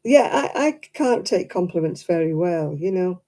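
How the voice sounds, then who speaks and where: A woman's voice: lowish voice, animated, normal speed, warm tone. A woman chatting casually to her live stream audience, rambling and self-deprecating.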